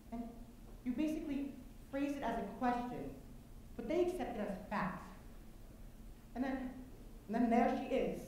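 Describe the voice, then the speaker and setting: A woman's voice: fairly high pitch, darkish tone, slight background noise. A woman playing a wistful, chatty man obsessed with an old cast record, confiding asides to the audience on a school stage. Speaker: stage narrator. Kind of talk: live stage musical acting. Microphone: distant camera mic. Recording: echoey hall from far off.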